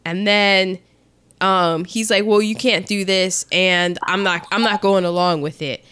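A woman casually recapping a film with a co-host, chatty and quick to laugh. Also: medium pitch, fairly even intonation, a bit bright, clear, resonant tone. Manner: chatty, laughs often, acts out the characters' lines.

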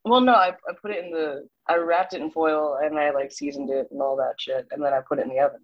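A woman's voice: deep voice, fast talker. A woman in casual chat, laid-back and wry, heard through a dull lo-fi recording.

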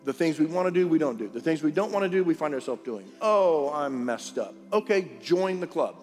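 Here a pastor talks fast and expressively, his voice on the high side and slightly mellow. Preaching to a congregation in a large church auditorium, he's chatty and direct and asks the room questions, with faint music in the reverberant hall.

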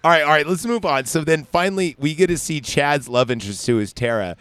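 A man co-hosting a podcast, retelling a movie scene by scene in crude, casual chat and slipping into quick voices for the characters. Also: a little high, a bit bright, clean tone. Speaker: podcast co-host.

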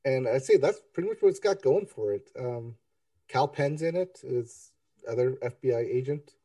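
A man co-hosting a TV review podcast, talking in a relaxed, offhand way. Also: medium pitch, normal speed, dry recording, recorded from a distance. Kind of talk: casual chat.

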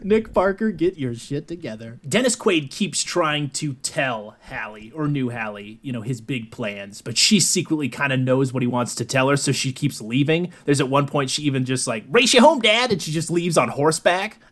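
A man's voice: medium pitch, normal speed, few pauses. A man co-hosting a casual movie review chat, laid-back, swearing and tossing in "dude". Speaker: podcast co-host.

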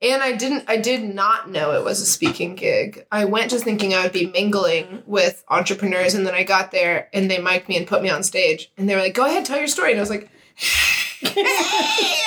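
A woman co-hosting a podcast in casual, laughing chat, telling animated stories. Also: mid-range voice. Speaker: podcast co-host.

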